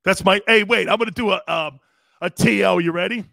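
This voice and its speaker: Brash, gravelly sports talk host. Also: male voice, high-pitched, a little fast, sharp tone, no echo, clean studio sound. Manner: brash, mocking, profane. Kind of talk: sports talk show rant.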